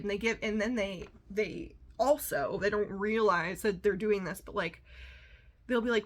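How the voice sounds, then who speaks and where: A woman's voice: medium pitch, measured pace. A woman hosting her own podcast in a casual solo chat, rambling and sassy with lots of fillers, amped up on coffee. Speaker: podcast host.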